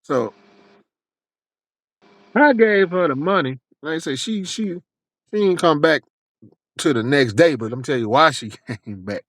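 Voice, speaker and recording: A man telling a long personal story in a casual, animated, profane way, acting out lots of dialogue. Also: fairly high pitch, unhurried, long pauses, no room sound.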